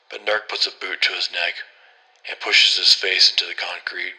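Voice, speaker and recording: A man's voice: low voice, little pitch movement, moderate pace, pushed and bright, low-quality recording. A man narrating a horror story in a grim, terse first-person voice.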